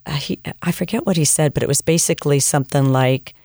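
An American woman with a low voice tells her own story as an interview guest, giving personal testimony in conversation. She talks fast and animatedly, acting out the dialogue she quotes, and the recording is clean studio quality with no echo.

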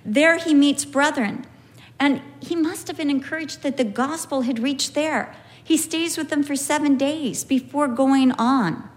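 A middle-aged woman teaching from the Bible in a conversational way, telling lively stories and acting out the people in them. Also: high voice. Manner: animated storytelling, acts out quoted people.

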